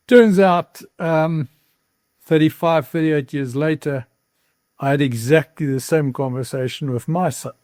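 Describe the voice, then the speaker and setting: A man's voice: a little high, fairly even intonation, unhurried, darkish tone, no echo, studio quality. A man in his sixties with a South African accent, a farmer telling his story earnestly in an interview, with the odd repeated word and a catch of emotion. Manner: earnest, emotional, repeats words when moved. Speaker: farmer guest.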